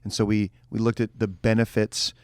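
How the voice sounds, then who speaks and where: A man's voice: lowish voice, flat delivery, moderate pace, no room sound, studio quality. A male pastor co-hosting a casual church podcast, his voice still not recovered from the weekend, joking and rambling with restarts. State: voice not recovered, a bit hoarse.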